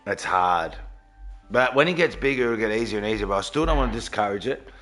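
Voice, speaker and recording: A man's voice: on the low side, animated, quick pace, fairly bright tone, faint music behind. A man live-streaming a game from his home studio, chatting casually and greeting viewers by name.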